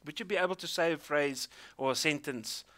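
South African male host, bright voice, chatty, hesitant delivery. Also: on the high side, fairly quick. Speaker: interviewer. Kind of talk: casual interview.

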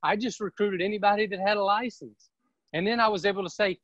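Energetic higher-voiced man giving a pep talk. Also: a little fast, no echo, highs cut off. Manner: energetic, emphatic, preachy. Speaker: real estate team leader giving a seminar. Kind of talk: motivational seminar talk.

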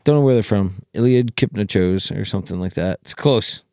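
Low-voiced young man chatting. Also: moderate pace, a little mellow, no room sound, studio quality. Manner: rambling, acts out quotes. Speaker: podcast co-host. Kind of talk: casual chat.

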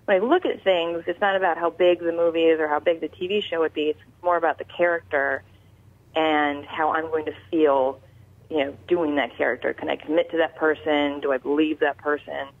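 A woman guest calling in to an interview, candid and quick to laugh. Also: low voice, fairly even intonation, phone-quality sound. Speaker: guest actress. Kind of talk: casual interview chat. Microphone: phone call-in.

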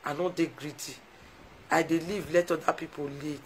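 A woman's voice: low-pitched, fairly even intonation, moderate pace, slight background noise, rough recording. A woman with a Nigerian Pidgin English accent, chatting casually to viewers on a live stream, effusive and heartfelt as she thanks them often. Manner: emotional, heartfelt.

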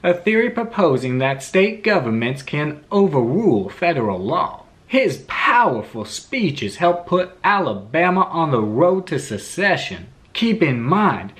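A man from California narrating a history video in a put-on Southern US accent, with wry, sardonic asides. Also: a little high. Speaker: history channel host. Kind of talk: scripted narration.

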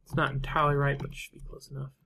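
A man's voice: medium pitch, monotone, rapid-fire, creaky, pushed and bright, a little hiss or hum. A man casually commentating his own strategy game play, thinking aloud and trailing off with fillers and half-finished thoughts. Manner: musing to himself, trailing off with fillers. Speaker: gameplay commentator.

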